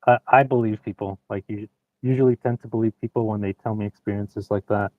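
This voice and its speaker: A man, a podcast guest, chatting in a relaxed, agreeable way over a remote call. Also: lowish voice, fairly quick, no echo. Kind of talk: casual chat. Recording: dry tinny phone-like call line.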